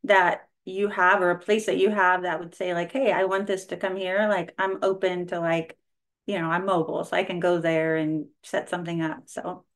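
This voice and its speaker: A woman's voice: fairly low pitch, little pitch movement, normal speed. A woman in her forties from California, a nurse and spiritual practitioner, chatting as a guest on a video call with an effusive, grateful manner full of fillers. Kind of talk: casual chat on a video call.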